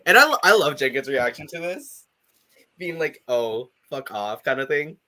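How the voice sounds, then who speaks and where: A man's voice: on the high side, expressive, normal speed, sharp tone. A man co-hosting a podcast, chatting casually with lots of fillers and laughter. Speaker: podcast co-host. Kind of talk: casual chat.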